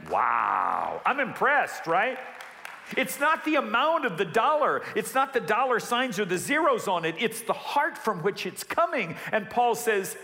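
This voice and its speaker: A man preaching a sermon as pastor, telling jokes and stories with sudden excited rises. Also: measured pace, creaky. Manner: animated, jokey storytelling with sudden rises in pitch. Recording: long hall reverb.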